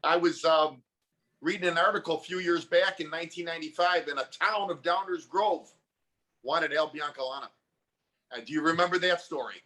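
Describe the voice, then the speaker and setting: A man's voice: a little high, a little fast, pushed and bright. A man hosting a casual chat, eagerly bringing up a memory with his guest.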